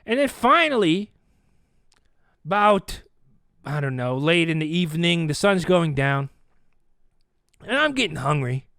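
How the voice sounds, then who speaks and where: A man hosting a podcast, telling a comic story with animated delivery and acted-out voices. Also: a little high, a little slow, long pauses, no room sound, clean studio sound. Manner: animated, acts out quoted voices. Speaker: podcast host. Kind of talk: comedic storytelling.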